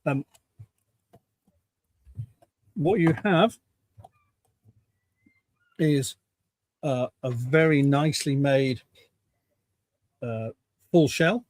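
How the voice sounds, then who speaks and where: A man's voice: mid-range voice, very slow, long pauses, no echo. Man chatting at his workbench. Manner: relaxed, rambling with fillers. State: a bit out of breath. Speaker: co-host. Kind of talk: casual livestream chat. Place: home workbench.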